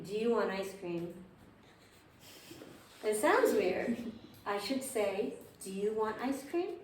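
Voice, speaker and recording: A woman's voice: on the high side, recorded from a distance, slight background noise. A woman teaching a group violin class, patiently explaining notes and asking the students questions. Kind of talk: group music theory lesson. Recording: echoey room, voice from afar.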